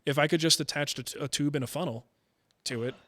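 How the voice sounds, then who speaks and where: A man with a somewhat high voice co-hosts a casual podcast chat. He reads listener emails aloud and breaks in with jokes. The sound is dry and close to the mic. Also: quick pace, fairly bright tone, no room sound. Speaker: podcast co-host.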